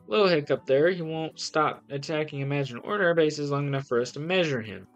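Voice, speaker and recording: A man casually reviewing comics on a live stream, excitable and rambling with lots of ums and restarts. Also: a little high, brisk, few pauses, muffled recording, soft background music.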